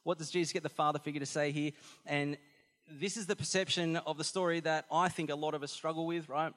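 A man preaching a sermon, animated and emphatic, often repeating phrases for effect. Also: a little high, a little fast. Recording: long hall reverb.

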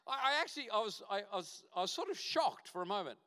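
Emphatic preacher, bright voice. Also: male voice, high voice, sing-song, quick pace, hardly any pauses. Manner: emphatic, repeats short punchy phrases. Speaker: guest pastor. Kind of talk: sermon. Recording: reverberant church hall.

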